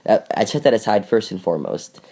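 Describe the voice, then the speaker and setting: A man's voice: fairly low pitch, big pitch swings, fast, gravelly, a little mellow. A young man co-hosting a casual podcast, rambling and joking with lots of fillers, recorded in a bedroom. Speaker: podcast co-host. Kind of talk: casual chat.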